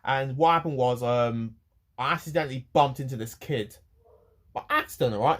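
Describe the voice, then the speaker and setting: An eighteen-year-old man rants to camera, rambling, with many pauses and restarts. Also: mid-range voice, animated. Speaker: vlogger. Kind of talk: ranting to camera.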